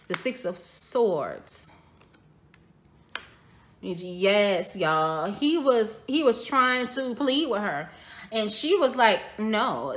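A woman's voice: a little high, fairly bright tone. A woman giving a tarot reading for her viewers, speaking casually, speculating aloud and repeating her phrases. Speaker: tarot reader.

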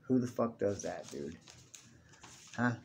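A man's voice: lowish voice, lively intonation, slow pace, gravelly, slight background noise. A young man ranting casually to camera, profane and rambling, tacking "dude" onto everything. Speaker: vlogger.

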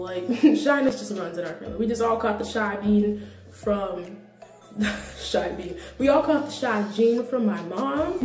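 A young woman in her twenties telling stories in a casual vlog monologue, animated and laughing through her points. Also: medium pitch. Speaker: vlogger. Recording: roomy echo, distant from the mic, faint music.

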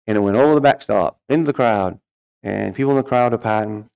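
A man's voice: fairly low pitch, a little fast, creaky, darkish tone, smooth. A middle-aged man telling his life story as a guest speaker, folksy and humorous, acting out the voices of people he quotes. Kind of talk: storytelling testimony.

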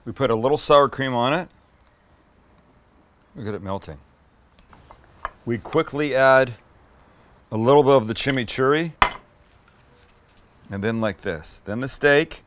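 A man's voice: mid-range voice, unhurried, pauses often, slight background noise. Man, middle-aged, cooking show host, enthusiastic, swears, talks to camera between bites. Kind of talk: casual cooking demo with tasting.

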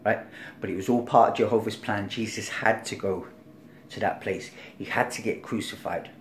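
A man giving an informal sermon in a conversational style. He checks in with "right?" often, acts out the voices in the story, and swings between loud, emphatic stretches and quiet, low lines. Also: steady tone, normal speed, slight background noise. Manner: conversational, keeps asking "right?", acts out crowd and Pilate. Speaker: preacher.

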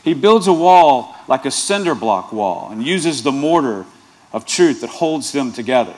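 A man's voice: medium pitch, very animated, a little slow, a little mellow. A male pastor preaching a sermon, earnest, with playful asides and rhetorical questions to the congregation.

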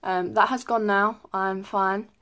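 A woman's voice: mid-range voice, steady tone, unhurried, fairly bright tone, clear, resonant tone. Chatty young woman vlogging. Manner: chatty, lots of ums, rambling. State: a little out of breath. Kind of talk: casual pregnancy update.

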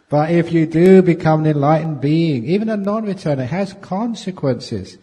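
A man's voice: on the high side, normal speed, few pauses, dark tone. Playful man teaching in a reverberant hall. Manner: playful, jokey storytelling with chuckles. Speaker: Buddhist meditation teacher. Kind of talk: humorous dharma talk answering questions. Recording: long reverb from a large hall.

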